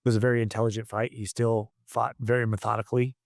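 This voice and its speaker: A man's voice: mid-range voice, flat delivery, fast, creaky, no room sound, studio quality. A man coaching combat sports, telling stories in a casual interview, blunt and profane with many restarts.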